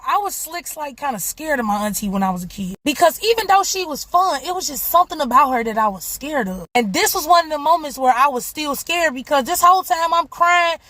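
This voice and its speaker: Storyteller: high-pitched woman, slangy and profane, animated casual vlog delivery. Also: no echo.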